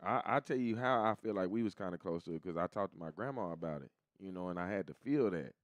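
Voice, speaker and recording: Low-voiced man talking reflectively. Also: fast, dry recording. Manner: relaxed, reflective, casual slang. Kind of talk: casual podcast discussion.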